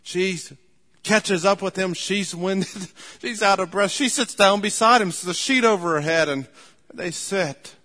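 A man's voice: high voice, measured pace, bright, forceful tone. A man preaching a sermon, telling folksy stories, repeating his points and chuckling as he speaks. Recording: long hall reverb.

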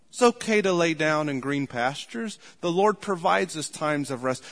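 A man's voice: fairly high pitch, animated, moderate pace, few pauses, a bit bright. A man preaching a sermon, telling folksy stories, repeating his points and chuckling as he speaks. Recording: long hall reverb.

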